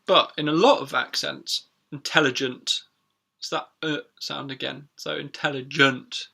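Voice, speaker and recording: Male teacher, chatty, gravelly tone, live lesson. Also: a little high, steady tone, sharp tone. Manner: chatty, repeats words slowly for learners. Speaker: English teacher. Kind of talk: live-streamed pronunciation lesson.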